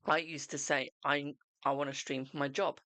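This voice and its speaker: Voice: medium pitch, little pitch movement, moderate pace, bright, forceful tone, no echo. A host giving live-streamed tarot readings in a chatty, reassuring way, calling viewers darling.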